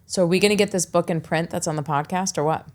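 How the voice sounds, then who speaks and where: A woman's voice: fairly low pitch, fast. A woman hosting a podcast interview, chatty and encouraging, casually blunt in her wording. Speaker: podcast host.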